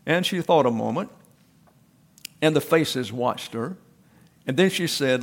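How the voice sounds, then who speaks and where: A man narrating a story aloud in a steady, unhurried way. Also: mid-range voice, gravelly.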